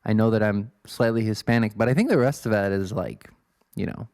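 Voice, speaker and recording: A man's voice: lowish voice, a little fast, gravelly, darkish tone, no echo, clean studio sound. Rambling, self-deprecating young man. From Illinois, US. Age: 20s. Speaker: podcast host. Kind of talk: rambling solo podcast talk.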